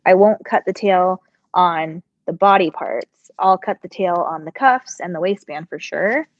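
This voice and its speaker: A woman's voice: lowish voice, measured pace, no echo. A middle-aged woman chatting casually on a live stream while she sews, answering viewer questions, her voice a little congested and muffled. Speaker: sewing channel host.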